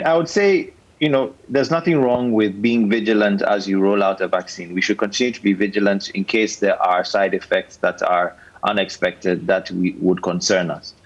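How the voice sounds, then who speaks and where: A man with a low, husky voice speaks as a doctor guest on a news show. He sums up in a measured, calm way. His audio comes through a dull, lo-fi remote feed. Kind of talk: panel discussion on a news show.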